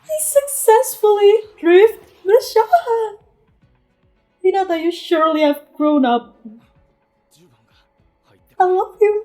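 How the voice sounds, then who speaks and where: A woman reacting live to an anime episode, her high voice swinging widely as she bursts into excited exclamations and laughter, then drops into quiet murmured asides. She talks at an unhurried pace, with soft music faintly in the background.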